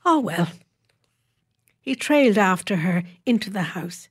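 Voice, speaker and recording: A woman narrating a short story in a measured, wry storytelling voice. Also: medium pitch, lively intonation, husky. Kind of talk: reading a short story aloud.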